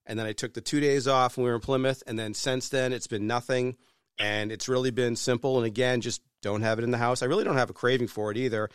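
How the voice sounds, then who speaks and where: A man's voice: medium pitch, fairly even intonation, fast talker, smooth, no echo. Guy on a podcast telling a wild story, swears a lot, pretty dry sound. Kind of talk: casual storytelling chat.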